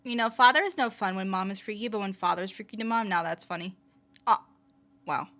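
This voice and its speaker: A young woman with a fairly low voice chatting casually on a livestream, playful and laughing often. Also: brisk, fairly bright tone. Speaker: streamer. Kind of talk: casual livestream chat reading comments.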